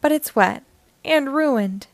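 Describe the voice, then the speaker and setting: A woman's voice: sits high, lively intonation, slow, dry recording, pitched above the performer's own voice, exaggerated voice. A woman reading aloud the part of young Ruby in a children's picture book, in a plaintive, dismayed way. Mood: apologetic. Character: young girl Ruby, eager and easily upset.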